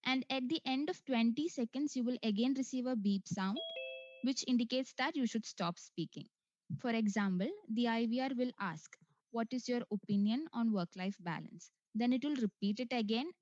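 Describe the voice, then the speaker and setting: A woman talks the viewer through each screen of an online test, filling pauses with "so" and "uh". Her voice sits fairly high. The recording is dry and close, and a little muffled and dull. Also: a little mellow, dry recording. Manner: step-by-step instructional, frequent "uh" and "so". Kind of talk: screen walkthrough tutorial.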